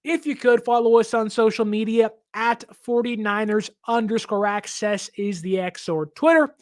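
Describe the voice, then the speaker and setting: An excitable sports podcast host talking through a game preview in a dry, close-miked voice. The delivery is casual and keen, with stammered restarts, and the pitch sits in a middle range. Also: moderate pace, no room sound.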